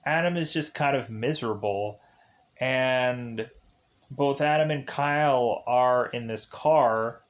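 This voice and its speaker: A man's voice: mid-range voice, muffled recording. Rambling man full of fillers. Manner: rambling, filler-heavy, with many likes and kinda's; loosely retells scenes in the present tense. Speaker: film reviewer. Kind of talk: casual spoken movie recap.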